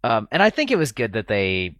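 A man's voice: lowish voice, huge pitch swings, brisk, a bit bright, dry recording. A man chatting casually as a podcast guest, rambling with many fillers. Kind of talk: casual chat.

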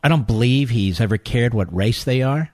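A man hosting a talk radio show, delivering a combative monologue full of sarcastic insults, growing loud and heated. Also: medium pitch, normal speed, no room sound. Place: radio studio. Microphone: studio microphone.

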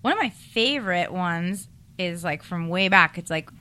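A woman guest telling animated stories in casual chat, acting out quoted phone calls. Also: fairly low pitch, moderate pace.

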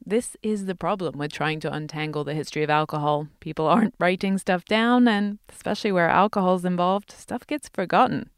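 A woman's voice: lowish voice, brisk, few pauses, clean tone, no echo, clean studio sound. A woman co-hosting a podcast, narrating a script in a playful, enthusiastic way. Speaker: podcast co-host.

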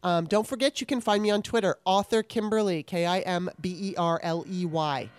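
A woman's voice: fairly low pitch, a little fast, clear, resonant tone, no echo, studio quality. A woman podcast host and author, wrapping up an interview and talking to her listeners in a chatty, earnest way. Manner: chatty, earnest, laughs often. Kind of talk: casual interview and solo wrap-up.

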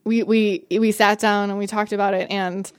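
A woman telling a personal story in a lively, conversational way, often saying "like" and acting out what people said. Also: medium pitch, normal speed, clear, resonant tone, no echo, studio quality. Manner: animated, frequent "like", acts out quoted dialogue. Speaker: guest storyteller. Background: faint music score.

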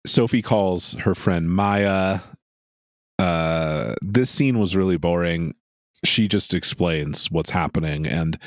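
A man's voice: low voice, slow, no echo. A man co-hosting a podcast, recapping an episode in a dry, sardonic way with casual swearing. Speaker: podcast co-host.

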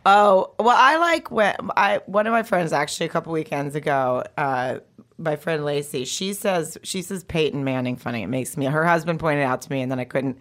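A woman's voice: sits low, moderate pace, fairly bright tone. A woman telling a funny story in casual chat, swearing casually and laughing often.

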